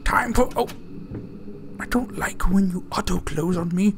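A man's voice: sits high, moderate pace, creaky, fairly bright tone, faint music behind. A man giving casual let's-play commentary on a horror game, joking and muttering to himself. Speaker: gamer playing a horror game.

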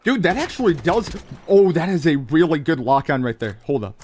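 Young male gamer, excitable commentary, lively swooping pitch, faint gunfire behind. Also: a little fast, slight background noise, low-quality recording. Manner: hyped, talks to chat, frequent exclamations. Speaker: mobile game streamer.

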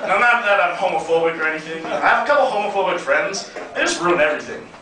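A man performing a crude stand-up comedy set, brash and punchy, with sudden loud bursts. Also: sits high, lively intonation, quick pace, a little hiss or hum. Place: comedy club stage. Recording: echoey club sound from a distant mic, crowd laughter. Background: audience laughing.

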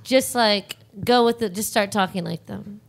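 A woman's voice: mid-range voice, moderate pace, vocal fry. A woman guest on a radio chat, an artist, blunt and teasing. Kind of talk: casual group banter.

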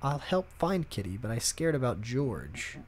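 A man voicing an apologetic woman hotel resident who speaks in halting, broken English. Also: medium pitch, sing-song, slight background noise.

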